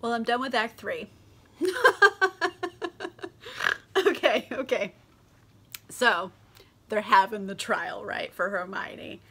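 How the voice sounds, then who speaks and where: A woman's voice: mid-range voice, slow pace, long pauses, fairly bright tone, slightly rough. A tipsy young woman vlogging a casual, profane book summary, giggly and gushing, saying "like" all the time. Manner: giggly, crude, gushing, heavy on "like".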